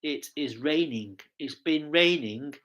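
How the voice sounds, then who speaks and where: Slow, bright-voiced English man streaming. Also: on the high side. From England. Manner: rambling, cheerful, talks to chat viewers. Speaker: live streamer. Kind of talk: casual live-stream chat. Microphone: streaming setup mic.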